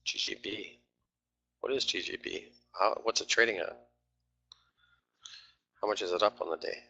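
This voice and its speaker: A man's voice: lowish voice, fairly even intonation, normal speed, creaky, pushed and bright, lo-fi sound. A man talking through live trades on a stream, grumbling and swearing at his trading platform.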